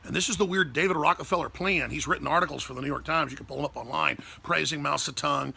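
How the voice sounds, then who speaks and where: A man's voice: on the high side, quick pace, gravelly, pushed and bright, breathy edge. A man from Texas, a talk show host ranting in a combative, intense monologue.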